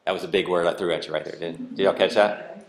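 A man preaching a sermon, questioning the congregation and swinging from loud outbursts to hushed delivery. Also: deep voice, fairly even intonation, fast. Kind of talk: interactive sermon. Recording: roomy reverberant hall.

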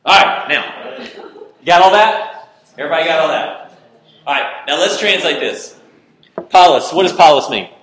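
Animated male preacher in a roomy hall. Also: fairly high pitch, slight background noise. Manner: animated, acts out little scenes, asks the room questions. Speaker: pastor. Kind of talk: sermon with Bible teaching. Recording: roomy echo.

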